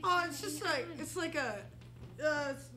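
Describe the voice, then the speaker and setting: A woman's voice: sits high, measured pace, over music. A woman performing in a live improv scene, reacting in a flustered way on a pretend phone call. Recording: live theater with crowd.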